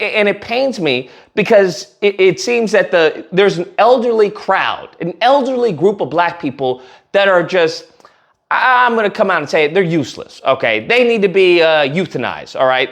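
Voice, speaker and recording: A man's voice: sits high, a bit bright. A man hosting casual political commentary, blunt and sarcastic, rambling in his delivery.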